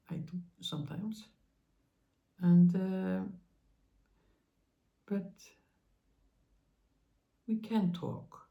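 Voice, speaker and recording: Woman, spiritual channel host; slow, halting monologue, mellow and gravelly, gently reassuring. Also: medium pitch, muffled recording. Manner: slow, halting, with many pauses and fillers; speaks to listeners with tender reassurance.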